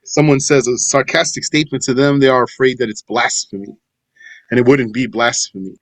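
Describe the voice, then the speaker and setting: A man teaching a scripture lesson. He recites verses in Arabic, then explains them in English in a measured way. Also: mid-range voice, fairly even intonation, dry recording, low-quality recording. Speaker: religious teacher.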